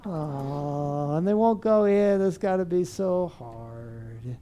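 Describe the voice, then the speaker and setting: A gentle kindergarten teacher soothing an upset child, as a man puts her on. Her tone is soft, coaxing and warm, and it stays low and mellow in timbre. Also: expressive, moderate pace, clear, resonant tone.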